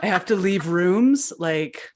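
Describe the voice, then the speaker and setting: A young adult woman co-hosting a casual chat, telling stories in an animated way full of "like" fillers. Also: lowish voice, slow pace. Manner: animated storytelling, many "like" fillers. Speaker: podcast co-host.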